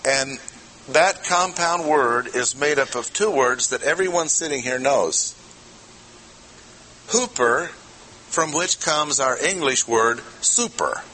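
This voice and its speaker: A man preaching to a congregation in a bright, forceful voice. He keeps it conversational and stops to ask his listeners questions. A faint background ambience sits under his words. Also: mid-range voice, slow, slight background noise, low-quality recording. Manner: conversational, asks the audience questions. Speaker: pastor. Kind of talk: expository sermon.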